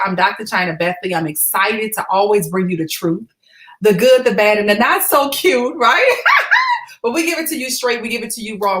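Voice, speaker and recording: A woman's voice: mid-range voice, a bit bright. Hype-building woman hosting a livestream. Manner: upbeat, hype-building, calls out to viewers. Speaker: livestream host. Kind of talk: casual livestream chat.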